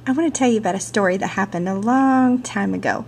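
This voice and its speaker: A woman who teaches sign language and theater, telling a personal story in a lively, chatty way full of "you know", recorded on a camcorder mic. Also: medium pitch, fast talker, gravelly, a little hiss or hum. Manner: animated, chatty, laughs often, many "you know" fillers. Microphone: handheld camcorder mic.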